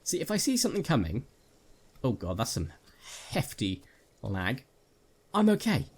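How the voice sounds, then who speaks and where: A gaming video creator on a headset mic gives jokey, jumpy live commentary, talking to viewers while he plays. His voice is on the low side with wildly swooping pitch, a moderate pace, and a breathy edge.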